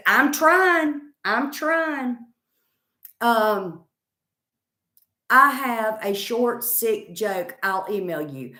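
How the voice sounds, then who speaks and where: A woman's voice: mid-range voice, fairly bright tone, echoey room. A woman comedian with a Southern accent, chatting casually in a rambling, confident way while answering viewer comments. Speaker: stand-up comedian.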